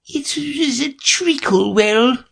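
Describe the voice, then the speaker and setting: Tiny sleepy dormouse, hoarse feeble squeak, drawls slowly, audiobook. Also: male voice, expressive, a bit bright, heavily acted. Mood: drowsy. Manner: drowsy, slow. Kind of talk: audiobook character voice.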